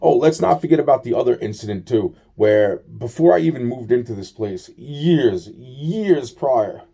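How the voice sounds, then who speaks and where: Man for a rambling, aggrieved monologue, mellow low timbre, heavy swearing, repeats himself. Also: lively intonation, normal speed, creaky, breathy edge. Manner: profane, repetitive, aggrieved storytelling.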